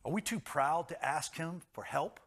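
A man preaching a sermon, swinging between hushed and loud passages and repeating phrases for emphasis. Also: on the high side, moderate pace.

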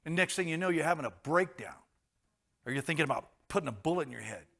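A man preaching a sermon, swinging between hushed and loud passages and repeating phrases for emphasis. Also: on the high side, animated, quick pace, gravelly.

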